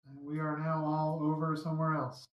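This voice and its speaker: Man, game master narration, easygoing, halting with fillers, roomy echo. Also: on the high side, monotone. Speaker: dungeon master.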